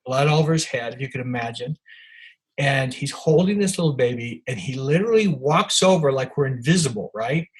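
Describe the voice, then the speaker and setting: An older male author, a podcast guest, tells rambling anecdotes full of restarts and fillers. His mid-range voice is husky, animated and brisk, and the recording quality is low.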